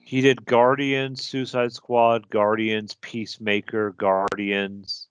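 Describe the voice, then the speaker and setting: A male podcast co-host with a lowish voice and little pitch movement speaks slowly, his tone clear and resonant with no echo. He chats casually and argues enthusiastically as a movie fan.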